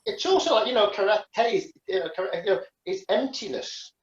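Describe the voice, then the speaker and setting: A man with a lively, up-and-down voice talks casually over a beer and rambles through restarts and fillers. The sound is roomy and a little dull. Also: high voice, brisk. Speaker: karate instructor.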